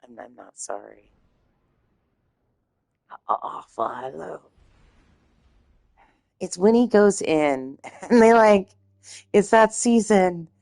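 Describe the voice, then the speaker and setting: A woman streamer chatting casually and rambling, swearing freely, her voice slightly hoarse. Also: lowish voice, a little mellow, dry recording. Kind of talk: casual chat.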